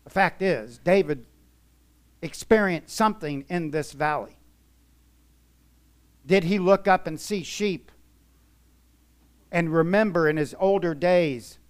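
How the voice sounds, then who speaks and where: A man preaching a sermon in a church, emphatic, swinging from soft to loud. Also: on the high side, takes it slowly, long pauses, smooth. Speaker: pastor.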